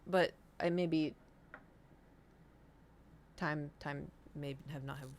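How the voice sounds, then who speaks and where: A woman's voice: sits low, steady tone, very slow, a little mellow, a little hiss or hum. A young woman streaming from home, chatting casually and rambling to her viewers, swearing now and then. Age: young adult.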